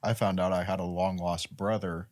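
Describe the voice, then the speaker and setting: A man's voice: sits low, little pitch movement, moderate pace, a little mellow. A young man in loose, profane, laughing banter on a casual podcast. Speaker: podcast co-host.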